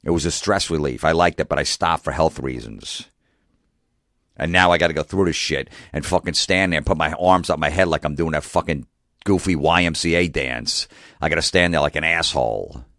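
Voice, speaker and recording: Very deep-voiced man ranting, exasperated. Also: a bit bright, no room sound, clean studio sound. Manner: exasperated, rapid rhetorical questions. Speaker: comedian. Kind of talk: profane ranting monologue.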